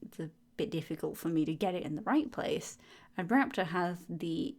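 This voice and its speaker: A young woman doing a casual, chatty voiceover for her gaming video. She giggles a lot and acts out silly inner dialogue in a higher voice. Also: animated, normal speed, a little mellow. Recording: voiceover recorded at home on a mic.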